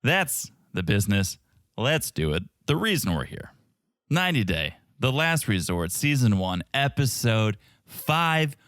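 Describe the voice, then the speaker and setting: A man's voice: mid-range voice, big pitch swings, a little slow, a bit bright, dry recording, studio quality. A man co-hosting a podcast, recapping reality TV in casual, wisecracking chat. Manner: wisecracking, skeptical. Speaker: podcast co-host.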